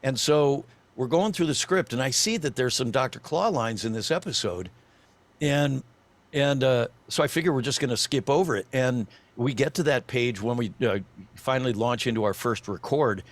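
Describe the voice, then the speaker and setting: An older man, a voice actor guest on a podcast, telling an animated story with lots of restarts and fillers. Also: medium pitch, moderate pace.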